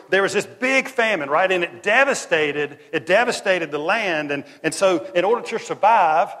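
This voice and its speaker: A man's voice: high voice, fairly bright tone. A man preaching a sermon, telling the story in casual slang and acting out the dialogue. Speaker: pastor. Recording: long hall reverb.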